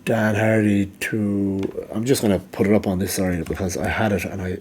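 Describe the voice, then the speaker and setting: A man's voice: fairly low pitch, steady tone, moderate pace, darkish tone, slight background noise. A man giving rambling casual commentary, full of ums and restarts, and he is losing his voice. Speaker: MMA vlogger.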